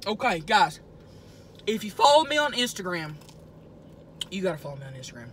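A woman's voice: fairly low pitch, very animated, fairly quick, a little hiss or hum. Woman playing a brash trailer-park gal. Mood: boastful. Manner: brash, crude, chews noisily while talking. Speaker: mukbang vlogger character. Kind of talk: improvised character comedy. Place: inside a car.

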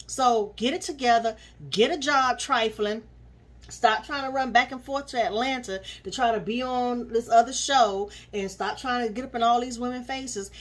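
A woman with a slightly high, husky voice recaps a reality show in casual commentary. She is sassy and animated, and she scolds the people on screen as she goes.

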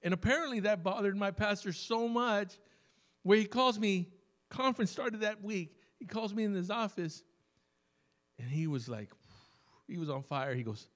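A man preaching a sermon as pastor, telling stories conversationally and slowing down to stress key words. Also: sits high. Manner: conversational storytelling preacher, emphatic with sudden slow stresses. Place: church service.

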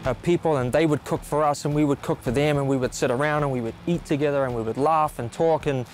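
A man's voice: a little high, fast talker. A man from New Zealand with a New Zealand accent, a chef talking in a casual, enthusiastic way with lots of "you know". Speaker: chef visiting the shop. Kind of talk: casual interview.

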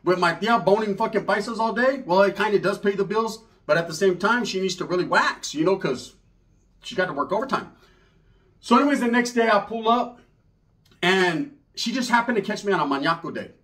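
A man telling a comic story in an animated, profane way, full of street slang and Spanish words. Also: high voice, brisk. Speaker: comedian storyteller.

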